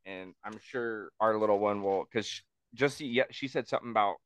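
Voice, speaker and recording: A man co-hosting a podcast, talking casually in a rambling, halting, profane way. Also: lowish voice, fairly bright tone, clear, resonant tone, no room sound. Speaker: podcast co-host.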